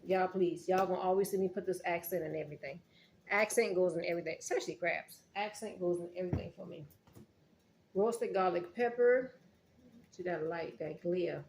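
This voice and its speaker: A woman's voice: lowish voice, fairly quick, a little mellow, slight background noise. A woman from South Carolina, chatting straight to her viewers in a casual cooking vlog. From Charleston, South Carolina. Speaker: cooking vlogger. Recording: echoey room with faint ambience.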